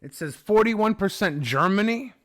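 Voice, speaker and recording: A man hosting a livestream reads viewer comments in a high-pitched, animated, fairly bright voice at a moderate pace. His casual chat with the audience is rambling, sarcastic, and full of profanity.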